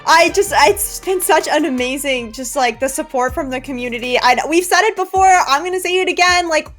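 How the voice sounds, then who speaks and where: An upbeat woman casting a live game, enthusiastic and warm-hearted in her commentary, with faint music behind. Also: high-pitched, a little fast. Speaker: esports caster.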